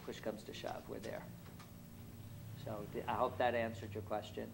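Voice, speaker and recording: A man from Brooklyn with a faint New York accent answers fan questions on a convention panel. He rambles through warm, jokey stories, full of fillers and restarts. A little background noise sits under his voice. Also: fairly low pitch, flat delivery, moderate pace, gravelly. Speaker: panel guest. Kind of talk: convention panel Q&A, casual storytelling.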